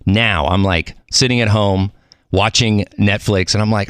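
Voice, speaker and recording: Low-voiced chatty male podcast host. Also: measured pace, smooth, no room sound, studio quality. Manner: animated storyteller, chatty and playful. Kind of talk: casual chat.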